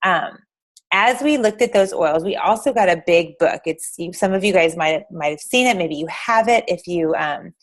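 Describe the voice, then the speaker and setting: A woman's voice: on the low side, normal speed. Woman from Texas, chatty and earnest, leads a small informal class. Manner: earnest, chatty, addresses the audience directly. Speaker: speaker at an essential oil class. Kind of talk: informal talk to a small group.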